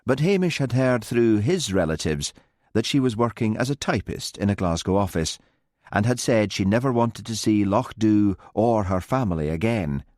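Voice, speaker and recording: A man narrating an audiobook with expressive storytelling. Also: lowish voice, moderate pace, no room sound, studio quality. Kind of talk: scripted narration.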